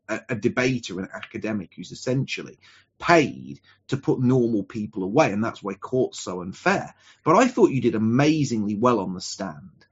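A man's voice: medium pitch, husky. A man, a stream host telling a story in casual chat and acting out the voices of the people in it. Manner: animated storytelling, slips into quoted dialogue. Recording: muffled lo-fi stream audio.

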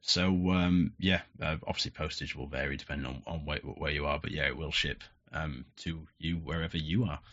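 Man, deep, forceful, plainspoken, casual interview, dull lo-fi sound. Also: fairly even intonation, normal speed, hardly any pauses. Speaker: guest. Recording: muffled lo-fi audio.

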